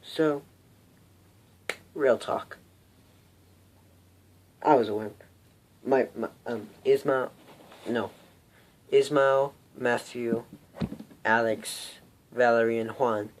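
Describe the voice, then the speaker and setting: A man's voice: medium pitch, darkish tone, a little hiss or hum. A teenage boy telling a personal story in an unscripted vlog, rambling and self-mocking, hot and sweaty. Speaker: vlogger.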